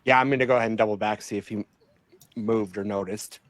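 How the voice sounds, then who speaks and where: A man's voice: on the low side, steady tone, dry recording. Hesitant male player, dry sound. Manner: hesitant, halting. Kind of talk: tabletop game chat.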